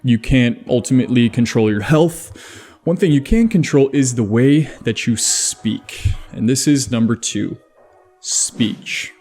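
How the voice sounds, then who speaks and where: A man's voice: mid-range voice, lively intonation, unhurried, dark tone, faint music behind. A man hosting a self-improvement video, chatting casually and laughing at his own jokes. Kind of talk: casual advice monologue.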